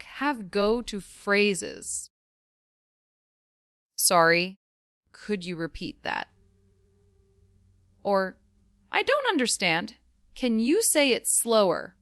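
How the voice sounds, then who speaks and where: Slow, smooth-voiced woman teaching English. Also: mid-range voice, a bit bright, no room sound, clean studio sound. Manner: slow, clear, instructive delivery. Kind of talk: scripted lesson narration.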